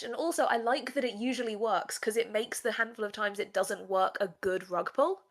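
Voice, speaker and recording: Woman podcast cohost, gravelly voice, chatty and animated, lots of likes and ums. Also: a little high, fairly quick. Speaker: podcast co-host. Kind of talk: casual discursive review chat.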